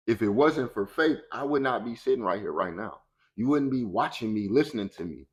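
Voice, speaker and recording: A man speaking as a motivational speaker in a colloquial, preachy way, acting out the voices he quotes. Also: fairly high pitch. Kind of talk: motivational talk.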